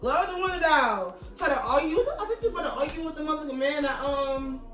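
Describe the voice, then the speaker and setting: A young woman telling a story in casual chat, animated and laughing, with lots of swearing. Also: sits high, quick pace. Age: young adult. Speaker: guest friend. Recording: roomy echo, distant mic, faint music.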